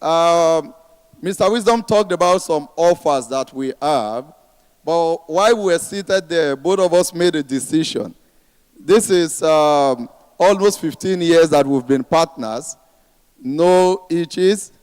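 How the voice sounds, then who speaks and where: A man's voice: fairly high pitch, slow pace, darkish tone, smooth. A man with a Nigerian accent addressing a conference audience, chatty and informal, promoting his bank's services. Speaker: speaker representing a bank. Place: large conference hall. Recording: long reverb of a big hall.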